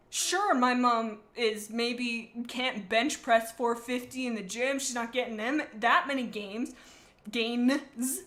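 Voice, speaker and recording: A woman streamer reading fanfiction aloud on a casual livestream, giggling and rambling through animated asides. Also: a little high.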